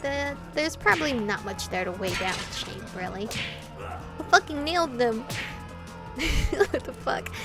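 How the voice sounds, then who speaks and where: Animated young woman reading a visual novel. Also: fairly high pitch. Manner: animated, laughing asides between reading. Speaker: gaming video host. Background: game music.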